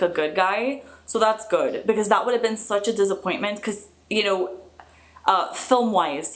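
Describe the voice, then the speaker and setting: A young woman chatting casually on a live stream, reading out viewer comments in a chatty, excitable way with fillers and quick laughs. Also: medium pitch.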